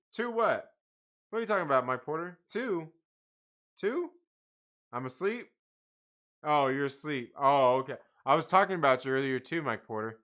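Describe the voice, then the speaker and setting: Profane, animated livestream host, man. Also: mid-range voice. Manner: profane, rambling, laughs often. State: tired. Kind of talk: casual live chat reading viewer comments.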